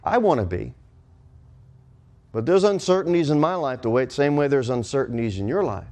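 Emphatic pastor preaching. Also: male voice, animated, moderate pace, warm tone. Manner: preaching with emphatic swings in pitch and pace. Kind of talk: sermon.

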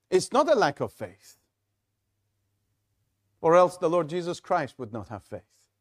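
A male pastor preaching in a fairly high voice. He speaks slowly and deliberately, pausing and restarting phrases as he goes. The delivery is measured and earnest. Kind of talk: sermon.

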